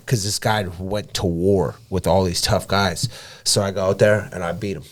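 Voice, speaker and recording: Swearing, animated storytelling boxer. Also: male voice, low-pitched, moderate pace. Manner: animated storyteller, swears freely, acts out dialogue. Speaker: professional boxer and gym owner, guest. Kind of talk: casual podcast chat.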